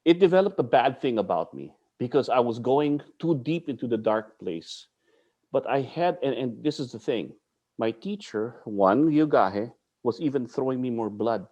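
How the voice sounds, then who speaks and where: Man from the Philippines, martial arts teacher, blunt storyteller, swears freely, very lively pitch. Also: moderate pace, dull audio. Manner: blunt, swears freely, mixes in Tagalog curses. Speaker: martial arts instructor, podcast guest. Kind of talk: animated storytelling.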